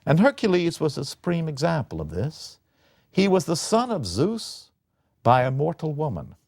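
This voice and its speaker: A man giving a lecture on a classic Greek play, telling the story in an animated, dramatic way. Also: a little high, moderate pace, gravelly, no echo, studio quality.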